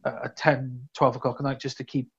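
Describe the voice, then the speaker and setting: Male podcast host, husky mid voice, reflective, muffled lo-fi mic. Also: mid-range voice, little pitch movement, a little fast. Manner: reflective, many restarts. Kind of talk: casual conversation. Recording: dull, slightly lo-fi sound.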